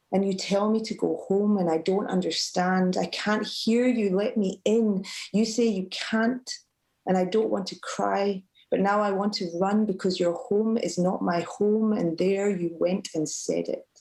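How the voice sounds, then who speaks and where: A woman, a student poet, reading her poem aloud at a live event with a measured, emotive delivery. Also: medium pitch, darkish tone, rough recording. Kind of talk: poetry reading.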